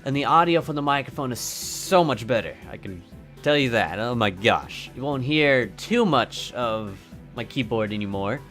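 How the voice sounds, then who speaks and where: A man's voice: medium pitch, lively intonation, moderate pace. A teenage boy chatting casually on his vlog, jokey and self-mocking, into a desk mic at home. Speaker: YouTuber. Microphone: desk mic on stand. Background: soft background music.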